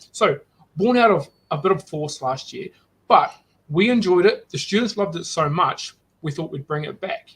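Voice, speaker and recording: A man's voice: on the high side, fairly bright tone, slightly rough, rough recording. A man hosting a live online student market, upbeat and rambling with frequent restarts.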